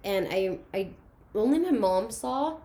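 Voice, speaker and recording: A young woman casually telling a personal story about her school years, animated and acting out the voices of the people in it. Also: medium pitch, a little slow. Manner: animated, acts out quoted voices, laughs through emotional moments. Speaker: guest sharing her story.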